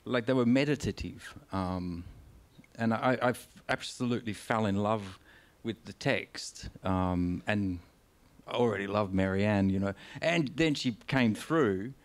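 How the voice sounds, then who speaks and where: A man's voice: on the low side, measured pace. A man with an Australian accent, talking on a venue stage in a live conversation, telling stories candidly and rambling with lots of restarts and casual swearing. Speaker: guest author.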